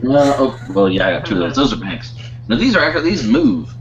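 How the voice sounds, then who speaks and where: A man's voice: mid-range voice, wildly swooping pitch, fast talker, dull audio, crowd noise. A man co-hosting a podcast in casual chat, meandering through his thoughts and losing his train of thought. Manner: meandering, wanders off mid-thought. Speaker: podcast co-host.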